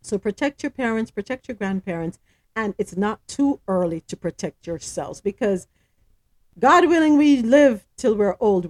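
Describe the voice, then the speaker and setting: A woman's voice: medium pitch, a little mellow. A woman hosting a casual news show, reading stories and giving emphatic commentary full of rhetorical questions. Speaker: host.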